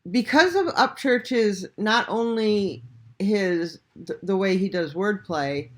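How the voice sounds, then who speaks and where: A woman hosting a reaction video, talking casually and bluntly, with swearing and rhetorical questions. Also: lowish voice. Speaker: reaction channel host.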